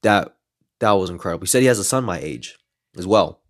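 A man in his twenties, a podcast host telling a story in casual, lively style, adding some playful swearing. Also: deep voice, a little fast. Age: 20s.

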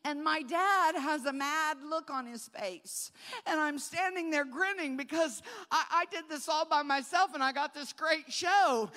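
A woman preacher telling a childhood story in a sermon, moving between soft storytelling and loud preaching. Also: sits high, lively intonation, moderate pace, long reverb tail.

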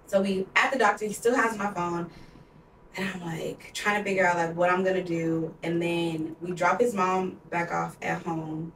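A woman's voice: fairly low pitch, fairly even intonation, moderate pace, a little hiss or hum. A young woman in her twenties, a podcast co-host, telling a personal story in a candid, emotional way, with heavy use of "like.". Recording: roomy sound, distant from mic.

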